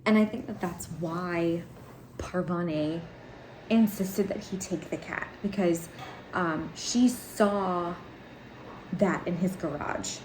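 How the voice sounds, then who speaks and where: A woman's voice: fairly low pitch, slow pace, darkish tone. Woman rambling about a book at home, lots of ums and laughs, echoey room with faint background noise. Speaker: book vlogger. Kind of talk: casual book discussion. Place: home with cats and laundry running.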